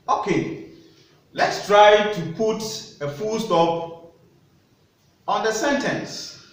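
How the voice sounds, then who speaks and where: A man teaching a primary school lesson, speaking slowly and deliberately and putting questions to young pupils in a classroom. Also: a little high, lively intonation. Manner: slow, deliberate teacher talk with questions to children. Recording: echoey room, voice from a distance.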